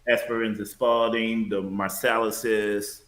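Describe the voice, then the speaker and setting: A man from Detroit, a former bouncer, chatting as a podcast guest in a relaxed, storytelling way. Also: lowish voice, slow. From Detroit, USA. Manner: relaxed, storytelling, laughs easily. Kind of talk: casual chat. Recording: echoey room.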